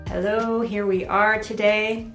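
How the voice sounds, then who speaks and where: A middle-aged woman from the United States talks straight to camera in a casual, animated vlog style, chatty and a little self-deprecating. Her voice sits in the middle of the range for a woman. The room is noticeably roomy and echoey, and soft music plays faintly underneath. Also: mid-range voice, takes it slowly. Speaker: vlogger.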